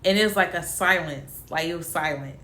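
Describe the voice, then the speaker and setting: A woman's voice: lowish voice, brisk. A young woman, casually telling a personal story and acting out the voices of family members. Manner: animated, acts out quotes of family. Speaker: vlogger. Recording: echoey room.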